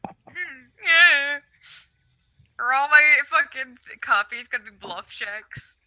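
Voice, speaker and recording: A woman's voice: sits high, animated, slow, sharp tone, poor audio. A woman playing a tabletop game, laughing and swearing casually as she chats. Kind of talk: casual chat over a voice call.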